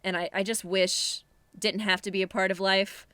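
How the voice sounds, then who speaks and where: A woman's voice: medium pitch, flat delivery, moderate pace, fairly bright tone, clean tone, no echo. A young woman co-hosting a podcast, talking in a candid, reflective, casual way. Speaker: podcast co-host.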